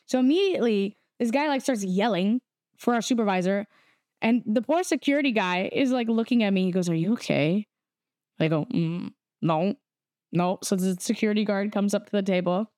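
A young woman casually telling a story, animated and quoting people as she goes. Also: medium pitch, fairly quick, dry recording, clean studio sound. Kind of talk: casual chat.

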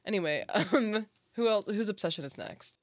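A woman's voice: medium pitch, normal speed, no echo. A young woman hosting a casual podcast chat, rambling through stories with lots of "like" and laughter. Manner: rambling storyteller, chatty and laughing. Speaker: podcast host.

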